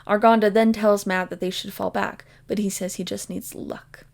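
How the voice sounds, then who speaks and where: A woman talking through a book she loves, with a steady middle-pitched voice that often slips into a gravelly fry. She retells the plot casually and sprinkles in "like" and "basically". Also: moderate pace. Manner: emotionally invested in the story. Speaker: book vlogger. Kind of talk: casual spoken book summary.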